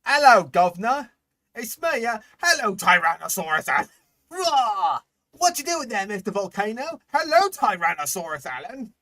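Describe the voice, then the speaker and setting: A man plays a chirpy male allosaurus with a silly mock Cockney accent, pitched way up high and bouncing around in squeaky bursts. It sounds goofy and cartoonish, recorded close and dry. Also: sing-song, moderate pace, sharp tone, no room sound, heavily acted.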